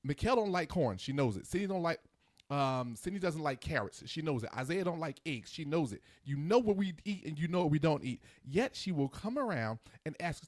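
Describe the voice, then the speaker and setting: Fast, animated man in his forties ranting. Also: fairly high pitch, dry recording, studio quality. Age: 40s. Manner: animated, ranting, mimics others in quick asides. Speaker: host. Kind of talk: casual podcast chat.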